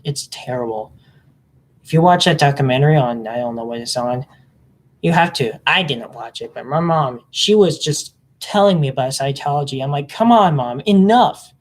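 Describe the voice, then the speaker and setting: A vlogger talking in a casual, rambling monologue, hopping between topics, the voice jumping up in pitch when excited. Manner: mimics other people in silly voices.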